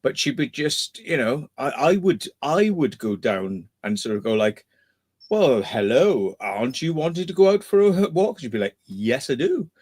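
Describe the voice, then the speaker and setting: A man chatting on a casual livestream, rambling in fits and starts with plenty of swearing and laughter. His pitch sits in a middle range and his delivery is loose and conversational. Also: very animated, normal speed, darkish tone, slightly rough, no room sound. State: kidney stone trouble. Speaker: livestream host.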